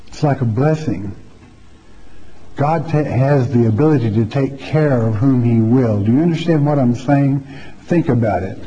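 Man, preacher teaching scripture; unhurried, mellow, folksy and conversational; roomy lo-fi hall sound. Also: mid-range voice. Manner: folksy, chatty, often asks "okay?". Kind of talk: sermon, verse-by-verse Bible teaching.

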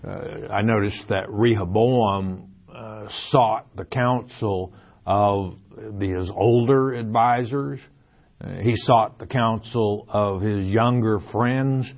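A man's voice: on the low side, dull audio. A man teaching the Bible verse by verse, reading scripture aloud and then explaining it in plain talk with fillers.

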